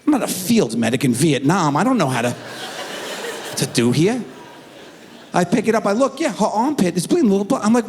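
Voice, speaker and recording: Animated male stand-up comic in a theater. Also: fairly high pitch, brisk, a little hiss or hum. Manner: animated storytelling with voiced impressions of his kids. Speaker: stand-up comedian. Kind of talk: stand-up comedy performance. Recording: theater recording with long hall reverb.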